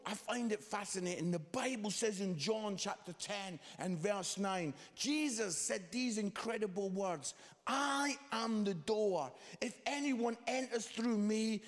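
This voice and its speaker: A man preaching a sermon, telling a story with lively, animated delivery and quoted voices. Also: high-pitched, takes it slowly. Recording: long hall reverb.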